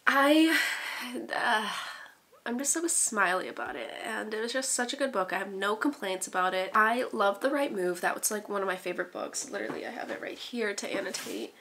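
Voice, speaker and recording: A young woman talking to camera at home on a casual book vlog. Her voice is gushing and giggly, and she gets excitable as she chats. She speaks at a middle pitch. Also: a little fast. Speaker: book vlogger.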